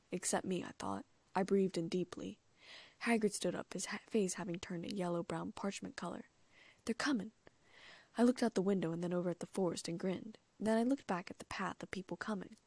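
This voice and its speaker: A woman reading first-person fan fiction aloud as an audiobook, in hushed, often half-whispered narration. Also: medium pitch, creaky, dry recording. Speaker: audiobook reader.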